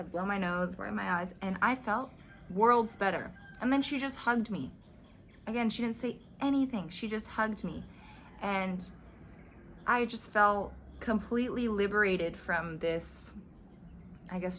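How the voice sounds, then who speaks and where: Slight background noise sits under a woman's mid-range, fairly bright voice. She's a vlogger reflecting casually on spiritual teachings, sharing a personal story in a chatty monologue full of "like."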